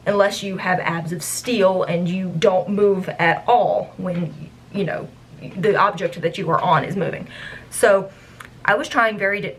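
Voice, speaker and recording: Animated young woman telling a story. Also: mid-range voice, slight background noise, poor audio. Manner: animated, acts out quoted guests. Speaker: former theme park cast member. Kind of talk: casual storytime.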